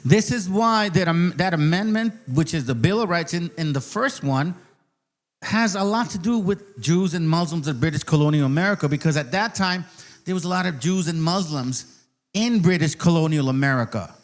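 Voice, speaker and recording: A man hosting his own channel, ranting in casual commentary, profane and mocking, sometimes reading a document aloud slowly. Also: on the high side, animated. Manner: reads aloud slowly, then speeds up. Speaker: channel host.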